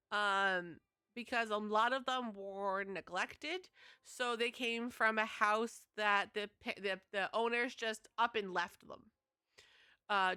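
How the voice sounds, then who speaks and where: A woman's voice: mid-range voice, sharp tone, smooth, dry recording. A young woman hosting a livestream, chatting casually and addressing her chat directly. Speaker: livestream host.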